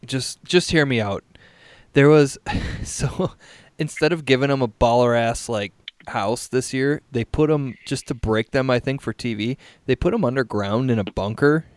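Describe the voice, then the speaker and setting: Casual podcast host on a video call, laughing and swearing through stories. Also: male voice, mid-range voice, moderate pace, no echo. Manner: laughing storyteller, swears freely.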